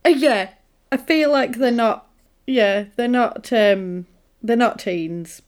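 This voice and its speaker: A woman with a fairly high voice speaks slowly as she co-hosts a podcast. In casual chat, she retells a film with chatty, amused storytelling, dropping in quoted asides.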